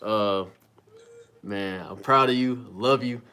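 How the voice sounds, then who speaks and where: A man's voice: lowish voice, slow, pushed and bright, smooth. Laid-back man hosting a casual interview. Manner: laid-back, affirming, says "right" a lot. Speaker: interview host. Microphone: video call.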